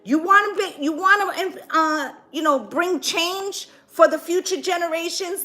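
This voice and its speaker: A woman with a high voice talks through a tarot spread in a loose, casual way. She is blunt and profane, and she peppers her points with "right?" and "okay?". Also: fairly bright tone. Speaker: tarot reader. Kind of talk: casual tarot reading with commentary.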